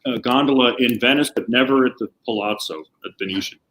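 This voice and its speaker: A man, an entertainment reporter, telling stories in a rambling, relaxed way as a guest on a casual video chat. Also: medium pitch, quick pace, slight background noise, poor audio.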